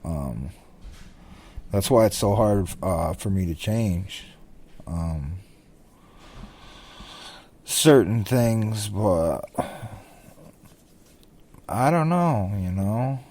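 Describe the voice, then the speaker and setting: Male co-host, deep and dark-toned, slow, halting, thoughtful delivery. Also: animated. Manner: hesitant, many ums and restarts, reflective. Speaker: podcast co-host. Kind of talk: casual chat.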